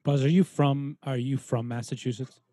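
Husky man from Rhode Island, lively co-host banter on a dry video call. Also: mid-range voice, moderate pace, dry recording. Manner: chatty and joking, lots of fillers. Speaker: podcast co-host. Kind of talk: casual podcast chat over a video call.

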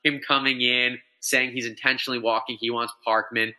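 A man talking sports on a podcast, with a strikingly bright, sharp tone. He rambles with excitement, restarting sentences as his thoughts run ahead. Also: mid-range voice, fairly quick. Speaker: podcast co-host. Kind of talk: casual sports chat.

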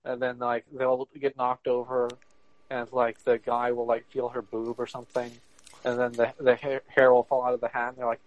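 A man's voice: mid-range voice, monotone, a little fast, rough recording. A man co-hosting a podcast in casual chat, rambling with many fillers and laughing often. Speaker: podcast co-host.

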